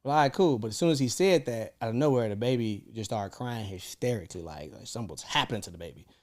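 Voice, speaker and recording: A young man, co-hosting a podcast and telling a story in casual, swearing chat, acting out voices with big jumps in pitch. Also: quick pace. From Chicago. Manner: animated, swearing, acts out quoted lines with big jumps in pitch. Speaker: podcast co-host.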